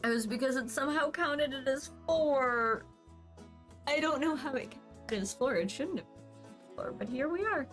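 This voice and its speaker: A woman's voice: sits high, animated, normal speed, a bit bright, faint music behind. A woman in her thirties streaming a building game, chatting casually and thinking aloud with playful asides. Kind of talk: casual gameplay commentary.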